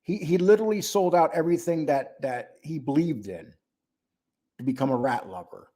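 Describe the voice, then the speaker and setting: A man's voice: a little high, animated, normal speed, mellow. An older man hosting a casual livestream, greeting viewers by name and talking bluntly and mockingly. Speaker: livestream host.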